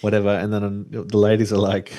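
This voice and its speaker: A man's voice: lowish voice, monotone, a little fast, dark tone, no room sound, studio quality. A young man with an Aboriginal Australian English accent, co-hosting a podcast in casual chat, laid-back and rambling with easy laughs. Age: young adult. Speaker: podcast co-host.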